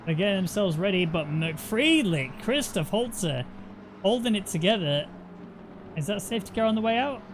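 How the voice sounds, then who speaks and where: A man doing casual, joking commentary on an online sim race, getting loud and excited at crashes. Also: sits high, moderate pace, slight background noise. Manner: joking, banter-heavy, excitable on incidents.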